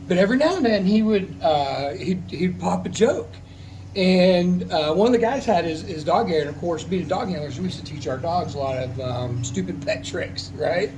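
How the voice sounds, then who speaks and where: A man's voice: sits high, lively intonation, moderate pace, a little mellow, a little hiss or hum, rough recording. A man, a military veteran, telling a personal story in a casual, heartfelt, rambling way, with many restarts.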